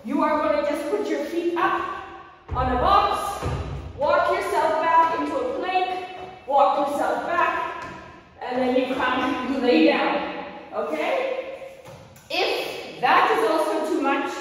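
A woman fitness instructor leading a live workout class, upbeat, calling out each move and cheering the class on. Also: high voice. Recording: echoey hall from far off.

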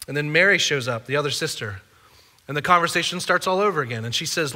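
Male pastor, sermon, very bright tone, slightly high voice, chatty asides, long hall reverb. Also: lively intonation, fast talker. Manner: conversational, playful asides to congregation. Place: church auditorium.

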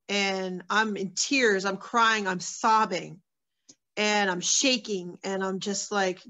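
A woman's voice: mid-range voice, fairly even intonation, takes it slowly, pushed and bright. A woman sharing her personal testimony as a guest, in a candid, earnest storytelling manner with many fillers.

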